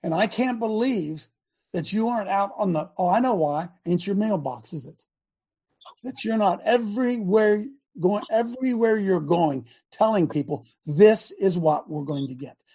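A man's voice: high-pitched, lively intonation, moderate pace, darkish tone, husky. A man hosting call-in talk radio, talking in a fervent, preachy way and firing off rhetorical questions.

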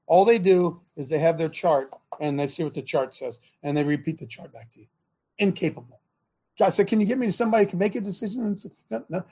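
Gravelly older man ranting on talk radio. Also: fairly high pitch, warm tone. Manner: emphatic, repeats himself, laughs incredulously. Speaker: host.

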